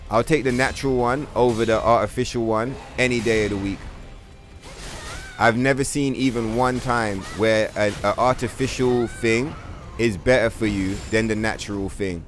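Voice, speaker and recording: A man's voice: fairly low pitch, fairly even intonation, moderate pace, faint music behind. A man, streaming a video game and ranting casually, full of swearing and filler words. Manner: profane, rambling rant, heavy on "bro" and "like". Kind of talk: casual livestream commentary.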